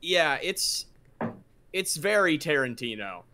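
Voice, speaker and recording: A man's voice: fairly high pitch, big pitch swings, slow, pushed and bright. A young man co-hosting a casual podcast chat, joking and teasing his friends. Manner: joking, teasing, fond of doing impressions. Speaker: podcast co-host.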